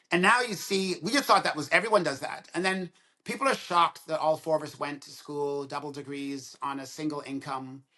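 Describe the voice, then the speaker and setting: A man of around sixty, a dentist and podcast guest, telling stories in casual conversation and acting out both sides of quoted dialogue. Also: a little high. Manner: animated storyteller who acts out both sides of quoted dialogue.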